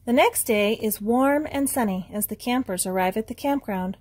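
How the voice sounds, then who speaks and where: A woman's voice: a little high, moderate pace. Woman reading a picture book to children. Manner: animated, child-directed storytelling. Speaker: preschool teacher. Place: inside a small tent.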